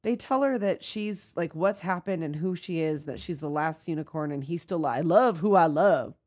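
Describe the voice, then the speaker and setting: A woman's voice: sits low, moderate pace. A woman in casual podcast chat, recapping a movie, swearing freely and acting out the characters' lines. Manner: animated, swears freely, acts out quotes.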